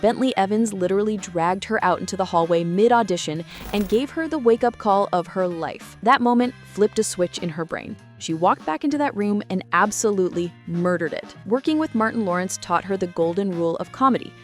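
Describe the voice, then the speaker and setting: A woman's voice: medium pitch, expressive, fairly quick, soft background music. Woman narrating with dramatic teasers. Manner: dramatic, teasing build-up. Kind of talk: scripted documentary narration.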